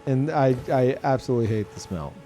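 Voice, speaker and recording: A man's voice: mid-range voice, animated, a little fast, music in the background. A man from Louisiana chatting casually on a live stream, rambling and swearing, with many restarts.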